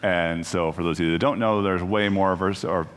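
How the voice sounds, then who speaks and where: Deep-voiced man preaching in a reverberant church. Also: fairly even intonation, moderate pace. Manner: conversational, self-deprecating, many restarts. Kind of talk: casual sermon. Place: church sanctuary.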